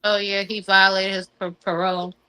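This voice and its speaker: Woman podcast co-host, bright and sharp-toned, sassy one-liners. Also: medium pitch, little pitch movement, normal speed, smooth. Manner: sassy, blunt quips. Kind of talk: casual podcast chat.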